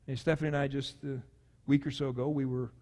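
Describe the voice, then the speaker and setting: A middle-aged man preaching a sermon as pastor, lively and acting out quotes with sudden jumps in pitch. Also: quick pace. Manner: animated, acts out quotes with big pitch jumps. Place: church sanctuary. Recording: long church hall reverb.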